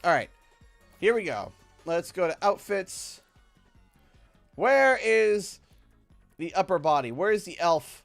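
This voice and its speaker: A man's voice: fairly high pitch, expressive, a little slow, clear, resonant tone, faint music behind. Rambling Canadian man streaming a game. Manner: rambling, talks to himself while clicking through menus. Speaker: gaming live streamer. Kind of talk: casual live-stream gaming commentary.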